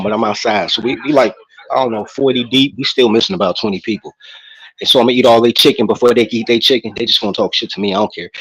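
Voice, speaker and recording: A man's voice: medium pitch, breathy edge, rough recording. A man from Brooklyn calling into a live stream from a party, talking in playful, boastful street slang. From Brooklyn, New York. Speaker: guest caller. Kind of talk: casual live-stream chat.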